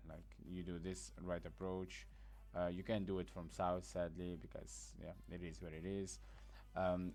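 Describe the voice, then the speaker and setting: A man with a very low voice talks through a game map in loose, casual tutorial style. He sounds sleepy, like he just woke up, and he is blunt and rambling, leaning on fillers between points. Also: a little mellow. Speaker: gaming guide creator. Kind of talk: casual gameplay tutorial commentary.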